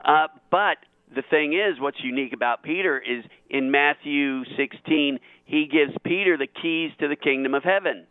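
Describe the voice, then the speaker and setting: A man who is a guest on a call-in radio show, talking in an animated way and getting excited as he argues his point. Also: normal speed, no room sound. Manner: animated, grows excited and high when making a point. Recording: tinny phone line.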